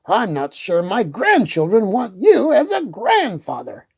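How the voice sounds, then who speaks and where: A woman voicing an excitable, pompous old king who squeaks and sputters when he shouts. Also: a little slow, vocal fry, slightly rough, full character voice. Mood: bossy.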